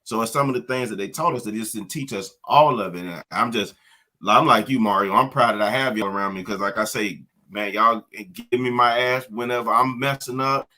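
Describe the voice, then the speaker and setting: Earnest man with a bright voice. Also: fairly low pitch, a little fast. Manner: earnest, reflective, drops agreeing "yeah"s. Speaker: podcast co-host. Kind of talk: casual group chat.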